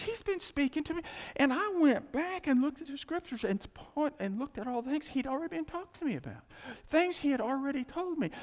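A man preaching a casual, animated sermon, full of asides and acted-out dialogue. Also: extremely high pitch. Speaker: pastor. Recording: church hall with long reverb.

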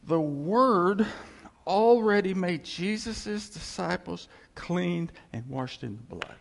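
A man's voice: a little high, gravelly, in a large hall. A man preaching a sermon, telling stories and acting out the voices he quotes. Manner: animated storytelling, acts out quoted voices, chuckles.

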